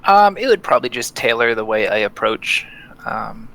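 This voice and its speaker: Male tabletop player with a gravelly, bright voice; loud, animated delivery. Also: medium pitch, moderate pace, low-quality recording. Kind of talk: casual tabletop play.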